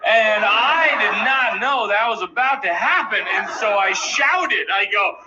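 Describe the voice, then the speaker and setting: A man in his thirties telling a stand-up comedy story in an anxious, self-deprecating, animated way. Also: high-pitched, a little slow. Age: 30s. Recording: dull, noisy live recording.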